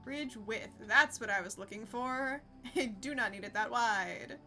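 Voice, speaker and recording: Young woman streamer, casual chatter, fairly high bright voice, soft game music behind. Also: unhurried. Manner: chatty, laughs often, talks to chat. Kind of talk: casual live-stream chat.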